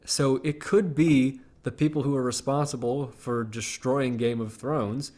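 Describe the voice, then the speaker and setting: Male podcast co-host, mid-pitched, wry and halting delivery. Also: fairly even intonation, a little mellow. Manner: wry, halting, many restarts. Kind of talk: casual podcast chat.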